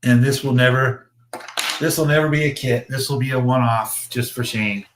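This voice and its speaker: A man chatting casually on a livestream about his hobby builds. He rambles, restarts his sentences, swears freely and chuckles at his own jokes, in a voice of ordinary middle pitch. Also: moderate pace, a bit bright. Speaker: slot car builder and show host.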